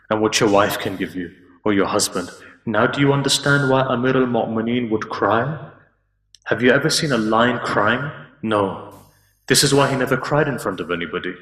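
A man preaching an emotional sermon, slowing and dropping almost to a hush at the sad moments. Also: fairly low pitch. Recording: roomy hall with long reverb, from far off.

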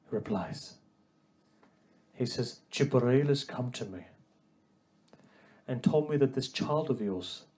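A man's voice: medium pitch, a little mellow, slightly rough. A man delivering an emotional religious sermon, addressing the congregation directly and building to a raised, pleading delivery. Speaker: preacher.

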